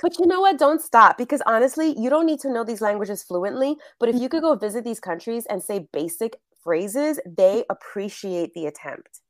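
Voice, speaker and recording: A woman's voice: a little high, lively intonation, normal speed, hardly any pauses, no echo, clean studio sound. A middle-aged woman from the Bronx, an actress and acting teacher, chatting animatedly as a guest and laughing often. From The Bronx, New York. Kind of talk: casual interview chat.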